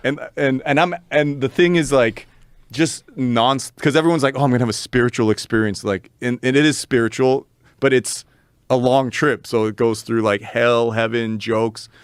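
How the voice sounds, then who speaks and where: A man's voice: mid-range voice, steady tone, unhurried, clear, resonant tone, no room sound. A man guest on a podcast, telling a story in casual, rambling, profane chat, laughing often, on a close studio mic.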